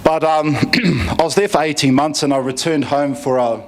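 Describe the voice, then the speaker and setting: A man's voice: a little high, normal speed. Easygoing New man telling a story. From New Zealand. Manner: relaxed storytelling, many fillers and restarts. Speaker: conference speaker giving a testimony. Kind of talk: personal testimony story.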